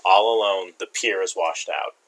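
A man in casual chat, calmly explaining things with a wry, laid-back manner. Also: low voice, normal speed.

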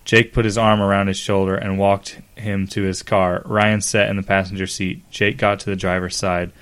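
A man's voice: low-pitched, level tone, normal speed, fairly bright tone, clear, resonant tone. A man reading fan fiction aloud as a comedy podcast host, acting out the dialogue and breaking into laughs. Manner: reads dramatically, breaks into laughter and asides.

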